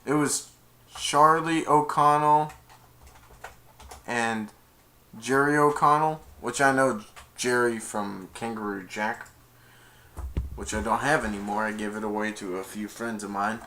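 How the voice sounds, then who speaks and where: A man casually retelling a movie's plot in a rambling, excitable way, acting out the lines. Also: medium pitch, unhurried, pauses often, slight background noise. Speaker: movie reviewer.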